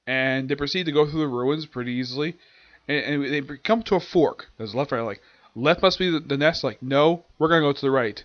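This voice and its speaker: A man giving a casual, rambling episode recap and review, often restarting sentences and dropping into quick quoted lines. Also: mid-range voice, no room sound, muffled recording. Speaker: anime reviewer.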